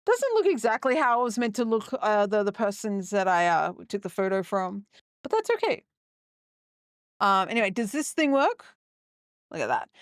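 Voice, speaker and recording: A woman's voice: medium pitch, big pitch swings, normal speed, dry recording, clean studio sound. Chatty young woman streaming live. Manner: chatty and rambling, talking to chat. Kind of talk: casual live gameplay stream chat.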